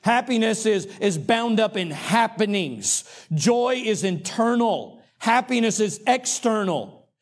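A middle-aged male pastor preaching a sermon in a folksy, humorous way, with dramatic pauses. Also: high voice, animated.

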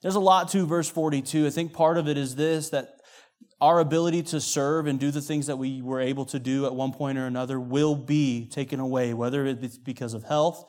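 A man preaching a sermon, telling the story with acted-out quotes, rising loud and dropping hushed. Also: medium pitch, fairly even intonation, a little fast.

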